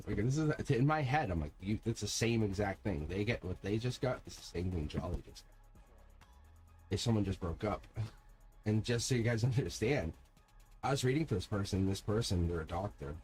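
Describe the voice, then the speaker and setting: A middle-aged man chatting casually as a tarot reader on a live stream, telling a story in a rambling, animated way with many laughs and restarts. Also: fairly low pitch, normal speed, faint music behind.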